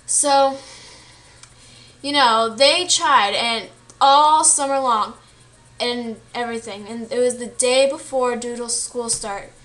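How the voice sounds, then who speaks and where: A woman's voice: fairly high pitch, slow, fairly bright tone. A young woman casually retelling a story she read, chatty and full of fillers, acting out the quoted lines. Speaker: student vlogger.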